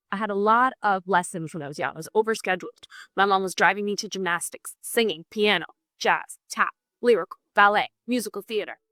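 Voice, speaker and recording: A woman's voice: medium pitch, fairly bright tone, no room sound, clean studio sound. A woman with a Canadian accent speaking in a TV documentary interview, chatty and wry. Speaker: guest on a family history TV show.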